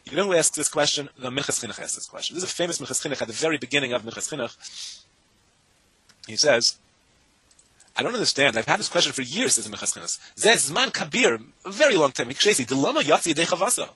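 A man teaching a Talmud class to students, animated and talking in rapid bursts, chanting the Hebrew and Aramaic texts in a sing-song lilt. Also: a little high, husky, no room sound, poor audio.

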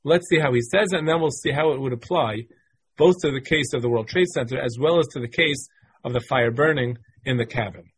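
A man's voice: medium pitch, brisk, breathy edge. A man teaching a Talmud class, reading passages from the text, translating them and explaining step by step with many repeated phrases.

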